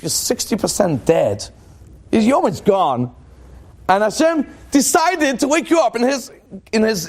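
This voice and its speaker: Rabbi guy giving a fun talk, high voice, super bouncy delivery, cracks jokes, asks the crowd stuff. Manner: animated and joking, acts out quoted thoughts in a dramatic voice; asks the audience questions and answers them. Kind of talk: lively religious talk to a live audience.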